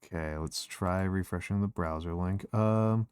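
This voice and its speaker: A man's voice: low voice, unhurried, darkish tone, clear, resonant tone, no echo, studio quality. A man hosting a stream, chatting casually and hesitantly with lots of restarts. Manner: hesitant, many restarts and fillers. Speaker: streamer host. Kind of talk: casual chat.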